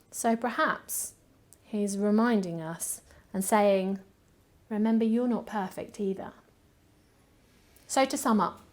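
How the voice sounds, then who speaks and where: A woman, the church administrator, preaching a calm, reflective sermon and letting her sentences fall away softly at the end. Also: on the high side.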